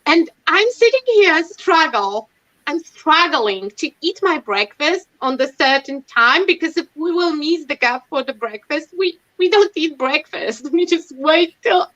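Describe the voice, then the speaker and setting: High, bright woman chatting on a stream. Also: animated, a little slow. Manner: chatty, self-mocking, laughs often. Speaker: livestream host. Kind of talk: casual chat. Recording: dull lo-fi stream audio.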